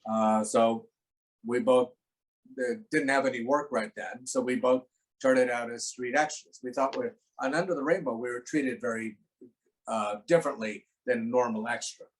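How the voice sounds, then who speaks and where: A man's voice: mid-range voice, steady tone, moderate pace, rough recording. A man, a guest actor, telling a rambling anecdote in casual chat on a video call, acting out the voices he quotes.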